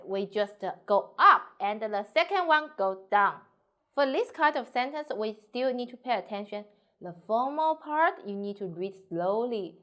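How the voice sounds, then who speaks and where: A woman teaching a Mandarin lesson, patiently explaining and modelling sentence pitch aloud. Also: animated, measured pace, a bit bright. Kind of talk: online language lesson.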